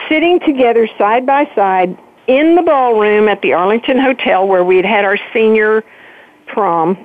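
Older woman storytelling over a tinny phone line. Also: mid-range voice. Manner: animated storyteller, emphatic. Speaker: guest author. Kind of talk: phone-in interview. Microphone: telephone.

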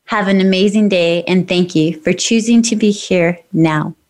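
A woman's voice: on the low side, normal speed, darkish tone. A middle-aged woman hosting a radio talk show, upbeat and affirming in a spiritual, encouraging way. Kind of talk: casual interview chat.

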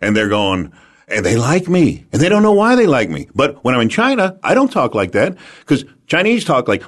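A man from the United States, an animated and emphatic storyteller, giving sales advice as an interview guest. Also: a little high, normal speed.

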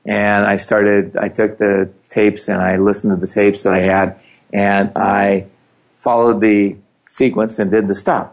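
A man's voice: on the low side, flat delivery, unhurried. A middle-aged man telling his story in casual conversation, animating the quoted dialogue.

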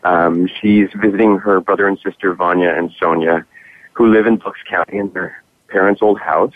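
A man's voice: low-pitched, steady tone, moderate pace, no room sound. A man being interviewed about his acting work, answering earnestly and at length with many fillers and restarts. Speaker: guest actor. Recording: dry, tinny phone-like line.

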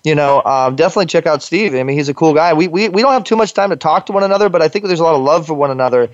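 A man's voice: a little high, lively intonation, very fast, no room sound. A man in his thirties hosting a show, playful and stammering in casual chat. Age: 30s. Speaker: show host. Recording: dull lo-fi dry sound.

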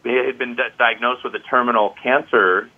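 A man's voice: medium pitch, steady tone, normal speed. A man who teaches qigong, speaking as an interview guest, enthusiastic and peppered with "you know". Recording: tinny phone-like line.

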